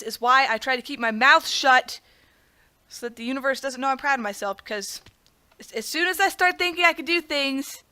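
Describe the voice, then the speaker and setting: Narrating her gameplay in a let's play, this young gaming channel host complains melodramatically and pokes fun at herself. She keeps calling her audience "guys," in a voice that runs high with a sharp tone.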